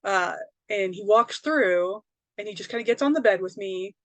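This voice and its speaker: Woman medium chatting about her life, rambly, lots of "like" and "right?", mid pitch, dry close sound. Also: normal speed, no echo. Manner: rambling, many fillers and tag questions. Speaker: psychic medium and author, guest. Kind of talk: casual personal storytelling.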